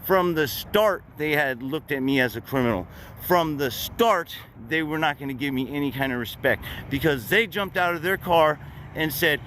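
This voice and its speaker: A man's voice: a little high, normal speed, a bit bright, slight background noise. A man telling a story to camera in a casual, blunt way, full of profanity and wry laughs. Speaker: vlogger. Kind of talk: casual street monologue.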